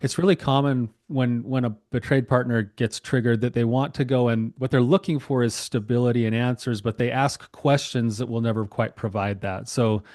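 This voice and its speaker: A man speaking as a couples therapist in a podcast interview, calmly explaining with examples. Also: medium pitch, normal speed, hardly any pauses, dry recording, clean studio sound. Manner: calm, explanatory, gives examples.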